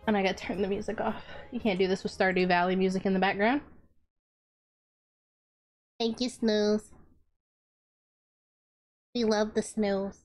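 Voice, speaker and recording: A woman's voice: medium pitch, fairly even intonation, measured pace, pauses often, a little mellow. Profane, teasing woman streamer. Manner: blunt, profane, teasing banter with chat. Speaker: live streamer. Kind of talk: casual live-stream chat.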